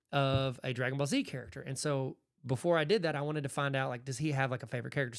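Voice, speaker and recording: A man from Arkansas hosting a podcast, telling casual stories and acting out the exchanges he describes. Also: medium pitch. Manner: animated, acts out quoted exchanges. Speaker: podcast host. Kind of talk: casual storytelling.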